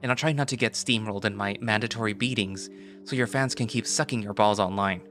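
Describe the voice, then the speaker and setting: A man's voice: on the low side, fast talker, close to an everyday voice. A man voicing a small, bitter young male fighter with a biting, sarcastic delivery. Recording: voice over loud background music.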